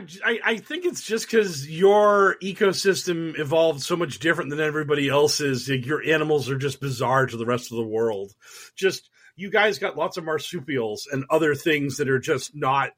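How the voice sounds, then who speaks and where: A man co-hosting a podcast, chatting casually with sarcastic asides and lots of quick agreement. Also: a little high, a bit bright, breathy edge. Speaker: podcast co-host. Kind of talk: casual chat.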